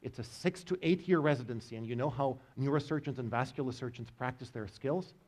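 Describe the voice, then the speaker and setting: A man's voice: mid-range voice, a little fast, a little mellow. A man giving a university biology lecture, joking with his students as he explains. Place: lecture hall.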